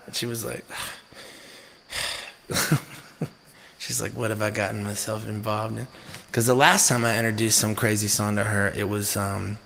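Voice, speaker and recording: A man from North Carolina, a musician chatting to his live-stream viewers in a rambling, jokey, animated way. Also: on the low side, normal speed, vocal fry, long pauses, slight background noise. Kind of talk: casual chat on a live stream.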